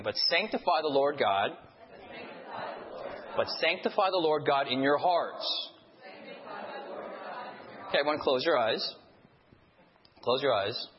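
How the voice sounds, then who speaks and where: A male pastor leading a sermon, reciting scripture with the congregation and often stumbling and restarting with playful asides. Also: medium pitch. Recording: dull audio with long hall reverb.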